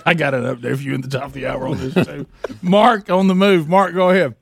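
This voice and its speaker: A man's voice: on the high side, steady tone, fairly quick, vocal fry, slightly rough, no echo. A man hosting a call-in radio show, playful and teasing, laughing often. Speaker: radio talk show host. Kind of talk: casual call-in radio banter.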